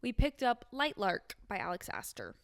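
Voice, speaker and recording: A woman's voice: on the high side, huge pitch swings, moderate pace, a bit bright. A young woman in her twenties co-hosting a podcast in casual chat, chatty and self-mocking, laughing often. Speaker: podcast co-host.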